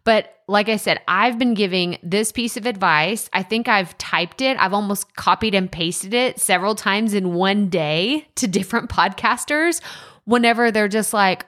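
A woman's voice: medium pitch, measured pace, a bit bright. A woman in her thirties with an East Texas accent, hosting a casual solo podcast in a chatty, self-deprecating way full of restarts and asides. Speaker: podcast host and coach. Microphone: podcast microphone.

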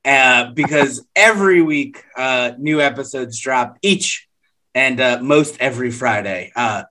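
A man co-hosting a podcast, joking and self-deprecating in a deadpan way. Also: mid-range voice, a little slow. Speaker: podcast co-host. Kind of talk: casual podcast chat.

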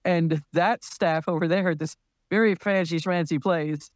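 A man with a slightly high voice, speaking as a podcast guest and telling a long story in a loose, casual way. He laughs often and keeps things light. The sound is dry and close, with no room around it. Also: fairly even intonation, normal speed, no room sound. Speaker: parent.

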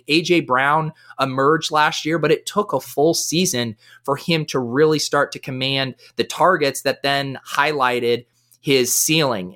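A man speaking as a guest on a podcast, talking with lots of energy and eagerness in casual chat. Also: a bit bright. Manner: high-energy, eager talker.

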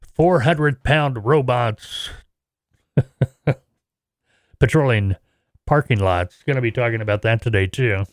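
A man's voice: medium pitch, slow, long pauses, no echo, studio quality. Chatty middle-aged man hosting a podcast. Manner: chatty, jokey, rambling with laughs. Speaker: podcast host. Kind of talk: casual podcast monologue.

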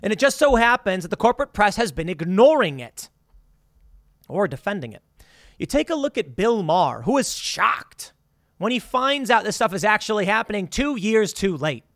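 A man talking through the news on his own show, reading quotes and answering them with sarcastic asides. His voice sits high and swings widely as he goes. The sound is close and dry. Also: normal speed, dry recording. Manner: animated, sarcastic, reads quotes aloud and reacts. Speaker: political commentary host. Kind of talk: solo political commentary.

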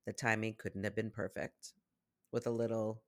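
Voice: mid-range voice, flat delivery, normal speed. A podcast co-host in casual chat, reading listener posts aloud in a playful way and laughing often.

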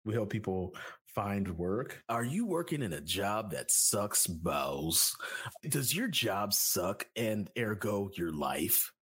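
A man co-hosting a podcast in casual chat, joking and rambling through ad reads with big swings in pitch. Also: sing-song, slow pace, fairly bright tone, husky. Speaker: podcast co-host.

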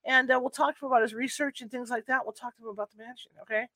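This podcast host's very high voice comes out rapid-fire and sharp, steady in tone and free of echo, recorded on a home computer setup. Hosting a live paranormal show, he rambles with many fillers and restarts and pokes fun at himself.

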